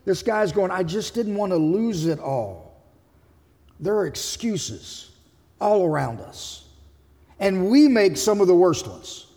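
High-voiced man preaching a sermon. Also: darkish tone, long reverb tail. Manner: emphatic preaching, voicing characters from scripture. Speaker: pastor.

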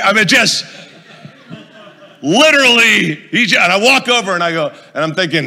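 A man's voice: high voice, expressive, fairly quick, sharp tone, big-room sound. A male pastor preaching a sermon, telling a funny story and quizzing the audience as he goes. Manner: storytelling, asks the audience questions, jokey.

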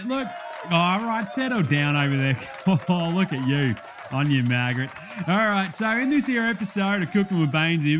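A man's voice: a little high, background noise, close to an everyday voice. A man playing a brash, blokey male Australian TV cooking host with an Australian accent, in a comedy cooking-show parody full of crude matey banter. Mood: cheeky.

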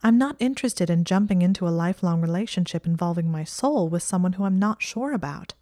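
A woman's voice: fairly low pitch, animated, fast, mellow, no echo, natural voice. Brief: defensive, teary young witch voiced by a woman narrator, dry close read, storybook audio. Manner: earnest, defensive, tearful.

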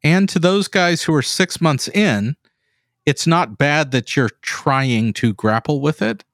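A man's voice: on the high side, slow pace, a bit bright, dry recording, studio quality. A man co-hosting a podcast, earnest and reflective, cutting in to make his point. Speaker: podcast co-host. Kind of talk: conversational interview.

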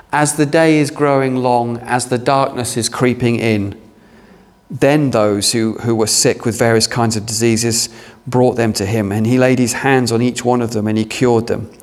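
A man preaching from the pulpit with a mid-pitched, ordinary voice. He tells his story in an animated, self-deprecating way and acts out each person's lines. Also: in a large hall. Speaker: pastor. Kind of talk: storytelling sermon.

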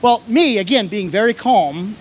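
A man preaching and telling a story, animated, shouting when he acts out scenes. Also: sits high, normal speed, slight background noise. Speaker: pastor and coach. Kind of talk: sermon with storytelling.

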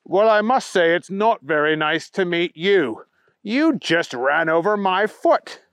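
A man's voice: high voice, lively intonation, a little slow, fairly bright tone, smooth, no echo, studio quality, full character voice. A man voicing a prim, indignant male Easter Bunny who speaks politely but stiffly. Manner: polite, stiff and slightly huffy.

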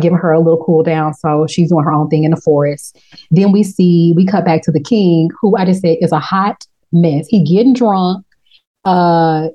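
A woman hosting a casual TV recap chat, telling the story in a slangy, profane, animated way and slipping into quick voices for the characters. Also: fairly low pitch, rough recording. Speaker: podcast host.

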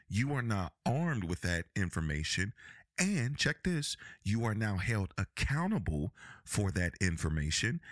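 A man's voice: fairly low pitch, a bit bright, dry recording, studio quality. A man hosting a relationship advice podcast, talking emphatically and repeating phrases to drive his points home. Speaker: podcast host.

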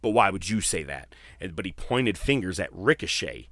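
A man hosting a casual wrestling podcast, telling stories in a profane, animated way. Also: low-pitched, normal speed, no room sound, clean studio sound. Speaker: podcast host.

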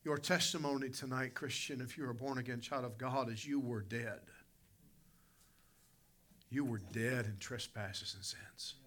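A male pastor preaching a sermon, telling a vivid folksy personal story and calling on members of the congregation by name, swinging between loud emphatic lines and quiet asides. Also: medium pitch, unhurried.

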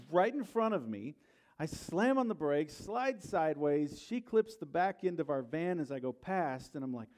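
Preaching in a church, a middle-aged pastor with a voice on the high side shares a personal story conversationally. He shifts between quiet asides and loud bursts.

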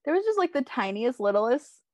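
Her voice sits high and sing-song, a little mellow, at a moderate pace with no room sound. She's a young podcast co-host in casual conversation recapping a TV episode, rambling, saying "like" and "um" a lot, and laughing often.

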